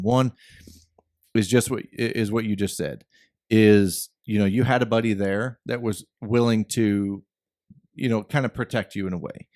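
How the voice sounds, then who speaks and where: A man's voice: lowish voice, a little mellow, no echo, clean studio sound. Rambling man hosting a podcast. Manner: rambling, many restarts, profane. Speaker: podcast host. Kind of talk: casual podcast conversation.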